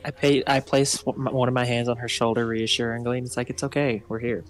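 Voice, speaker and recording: A woman's voice: a bass voice, level tone, fast talker, soft background music. A woman playing a tabletop role-playing game, teasing and reassuring her fellow players. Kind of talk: casual play in a tabletop game.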